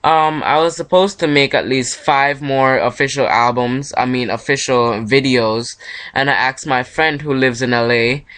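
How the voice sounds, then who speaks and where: A young man from Jamaica talks alone into his mic about his own music in a relaxed, chatty way. He rambles, backtracks and corrects himself as he goes. His voice sits at an ordinary pitch for a man. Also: measured pace, smooth. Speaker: independent musician hosting his own podcast. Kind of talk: casual solo monologue.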